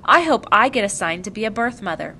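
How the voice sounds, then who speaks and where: A woman's voice: medium pitch, lively intonation, a little fast, bright, forceful tone, slight background noise. A woman voicing a chatty, eager young girl in an audiobook reading. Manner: bubbly, talkative.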